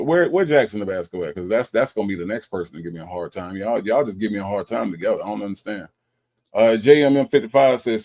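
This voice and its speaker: A man hosting a casual livestream, reading viewer comments aloud and teasing them with an animated manner and features. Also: lowish voice. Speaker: livestream host reading chat.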